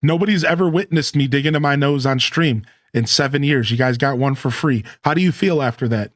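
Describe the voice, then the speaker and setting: A man live-streaming a modded life-sim game, chatting casually to his viewers and himself in a relaxed, slangy way. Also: medium pitch, brisk, dry recording.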